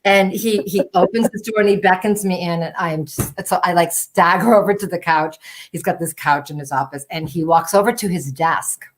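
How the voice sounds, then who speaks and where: A middle-aged woman telling a personal story in an animated way, full of "like" and "you know" fillers. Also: lowish voice, fairly quick. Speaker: storytelling show host.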